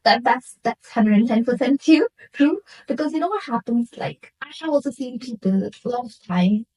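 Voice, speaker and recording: A woman's voice: a little high, animated, normal speed, darkish tone, husky, low-quality recording. A woman from India, a nurse interviewing a guest and earnestly reflecting on her own experiences. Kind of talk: casual interview chat.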